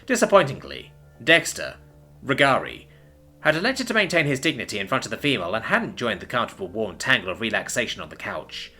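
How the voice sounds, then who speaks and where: A man narrating a science fiction story in an expressive storytelling style. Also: mid-range voice, brisk, husky, faint music behind. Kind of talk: audiobook narration.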